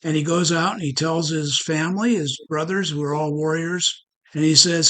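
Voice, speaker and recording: A man telling a motivational story at a networking meeting, animated and full of rhetorical questions. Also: fairly high pitch, moderate pace, rough recording.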